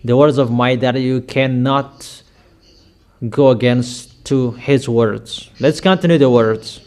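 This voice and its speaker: A man preaching a sermon with slow, emphatic declarations, often repeating his lines for weight. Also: mid-range voice, fairly even intonation, darkish tone.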